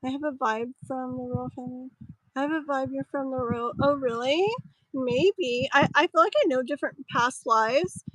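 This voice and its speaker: A woman's voice: sits high, normal speed, a bit bright, no room sound, low-quality recording. Chatty woman tarot reader, dry mic. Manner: rambling, filler-heavy, chatty. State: voice strained, clearing throat. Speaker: tarot reader streaming live. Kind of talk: casual live-stream chat.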